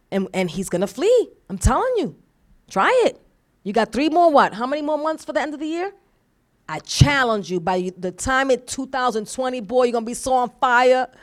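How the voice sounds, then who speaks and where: Lively woman pastor preaching. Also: mid-range voice, a little fast. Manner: animated, playful storytelling, acting out scenes; repetitive prayer cadence, calling God after every phrase. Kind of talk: sermon and closing prayer.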